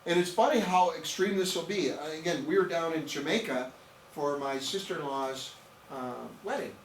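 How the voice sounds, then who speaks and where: A man with a slightly high voice teaches a live nutrition class, pressing his points with repetition and frequent "okay?" checks. He is caught from across the room, so the sound is roomy and distant with a faint hiss. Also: moderate pace. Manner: emphatic, repeats words and asks "okay?". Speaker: nutrition trainer. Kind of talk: live training talk to a small group. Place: room with an audience. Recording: echoey room, distant mic, faint noise.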